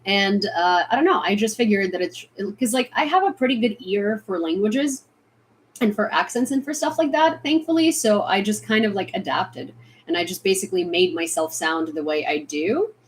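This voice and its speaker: A woman's voice: mid-range voice, normal speed, a little hiss or hum. Chatty woman with an American accent. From Ukraine. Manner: chatty, many fillers and restarts, bursts of excitement. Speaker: vlogger answering chat. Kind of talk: casual live stream chat.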